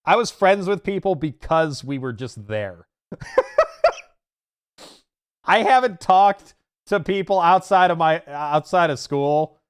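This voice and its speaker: A man streaming a dating game, excitable and swearing casually as he reacts to the story. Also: fairly high pitch, measured pace, smooth. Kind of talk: casual gaming stream commentary.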